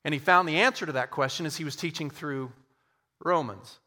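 A man telling a church history story as part of a sermon, with slow, dramatic pauses. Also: fairly high pitch, bright, forceful tone, long reverb tail.

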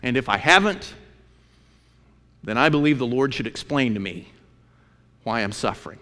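A man's voice: medium pitch, lively intonation, normal speed, sharp tone. Man, sermon teaching, emphatic, conversational, repetitive phrasing, big reverberant hall. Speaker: preacher. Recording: long reverb of a large hall.

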